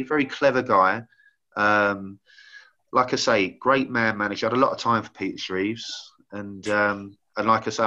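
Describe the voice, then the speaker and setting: Bright-voiced man rambling through old stories. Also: fairly low pitch, highs cut off. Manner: rambling, many "you know" fillers. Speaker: former footballer guest. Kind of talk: casual anecdote-telling.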